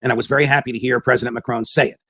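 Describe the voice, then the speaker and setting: Male commentary host, husky gravelly voice, dry close sound, emphatic and argumentative. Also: mid-range voice, flat delivery, very fast, pushed and bright, no room sound. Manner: emphatic, with hammering rhetorical questions. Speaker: political commentary show host. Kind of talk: opinionated commentary monologue.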